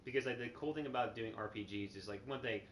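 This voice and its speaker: Blunt, bright-voiced young man in an echoey room. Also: mid-range voice, quick pace. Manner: blunt, swears freely, mocks flat voices. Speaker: channel host. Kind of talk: casual gaming chat. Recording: echoey room with faint noise.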